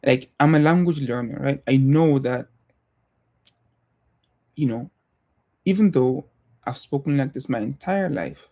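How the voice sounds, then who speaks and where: Young male streamer, non-American accent, mellow tone, reflective and hesitant delivery. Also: medium pitch. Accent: non-American English accent. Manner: thoughtful, hesitant, many pauses and restarts. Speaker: livestreamer. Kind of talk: casual reflective livestream talk.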